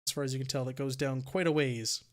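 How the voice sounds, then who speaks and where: A man running a tabletop game as dungeon master, describing scenes in a halting way with many fillers. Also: medium pitch, fairly even intonation. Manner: halting, restarting narration with fillers.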